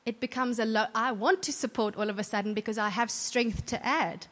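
A woman with a slightly high voice speaks fairly quickly in an earnest church talk. Her warm, conversational preaching keeps circling back to restart sentences, and a long hall reverb fills the recording.

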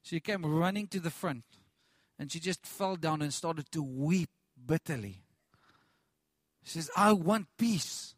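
A man's voice: on the high side, no room sound. A man preaching a sermon with passion, repeating phrases, restarting lines and calling out to the congregation.

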